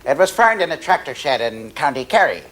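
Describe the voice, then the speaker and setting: A fussy museum guide , as an actor plays him, stumbling with ums and pitch swinging widely. He sounds mid-pitched and hesitant. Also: big pitch swings, brisk, fairly bright tone. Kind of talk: TV comedy sketch.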